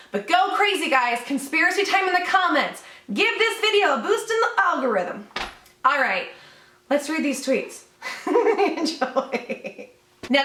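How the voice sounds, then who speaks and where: A woman with a high, sharp voice tears through a sarcastic, profane commentary rant, laughing and rambling as she goes. She is recorded in a room at home, and the sound carries a roomy echo. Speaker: YouTube commentator. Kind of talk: casual commentary vlog.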